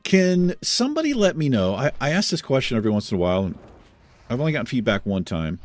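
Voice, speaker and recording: A man's voice: mid-range voice, a little mellow. A man hosting a video game let's play, giving laid-back commentary with casual swearing and chuckles. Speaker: host.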